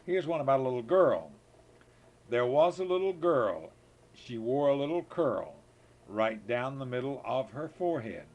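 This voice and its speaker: A man's voice: mid-range voice, very animated, moderate pace, darkish tone. An older man, a grandfather, reading children's poems aloud in a sing-song way, now and then slipping and rereading a line.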